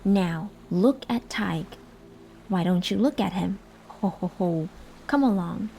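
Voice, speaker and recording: A woman's voice: medium pitch, takes it slowly, creaky, warm tone, slight background noise. A woman voicing an invisible, mocking male fairy spirit that laughs and taunts, as a whispered role-play.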